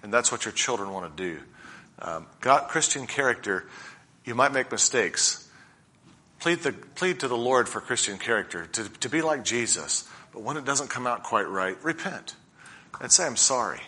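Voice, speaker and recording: A middle-aged man preaching a sermon with personal stories, earnest and slowing down to stress key points. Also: medium pitch, animated, sharp tone.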